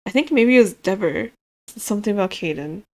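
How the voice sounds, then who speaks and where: A woman giving casual, excitable game commentary as she plays, swearing and laughing often. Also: mid-range voice, quick pace. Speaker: streamer.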